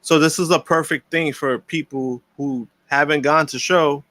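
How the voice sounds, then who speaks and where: A man's voice: a little high, steady tone, moderate pace, sharp tone, no room sound. A man co-hosting a podcast in casual chat, thinking aloud and repeating his words as he makes a point. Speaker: podcast co-host.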